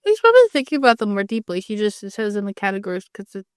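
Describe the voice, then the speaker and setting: A woman's voice: medium pitch, very animated, racing, dry recording. A woman co-hosting a podcast, chatting casually with wry, dry jokes. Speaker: podcast co-host. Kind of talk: casual chat.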